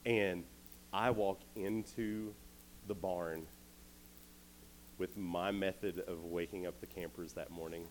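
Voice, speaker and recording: Animated youth speaker. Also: male voice, sits low, takes it slowly, long pauses, a little hiss or hum. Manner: animated, casual, many "like"s. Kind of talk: storytelling sermon to teens.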